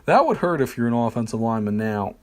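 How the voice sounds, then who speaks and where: A man's voice: mid-range voice, sing-song, fast talker. A man streaming a football video game, talking through his plays in a rambling, hesitant way with many fillers and jokes at his own expense. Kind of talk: casual gameplay commentary.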